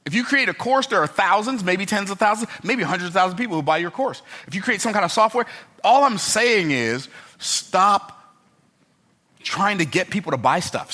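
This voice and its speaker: An older man delivers a motivational talk to a live crowd in a bright, forceful voice. He tells stories with emphatic repetition and keeps asking the audience whether they follow. His voice sits a little higher than most men's. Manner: emphatic, repetitive storytelling with rhetorical check-ins. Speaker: motivational speaker.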